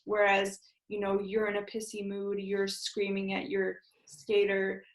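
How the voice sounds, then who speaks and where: A woman's voice: medium pitch, completely flat delivery, measured pace. A young adult woman host, a former ice dancer, chatting casually with many fillers of "like" and acting out what others said. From United States. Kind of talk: casual interview chat. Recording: roomy echo.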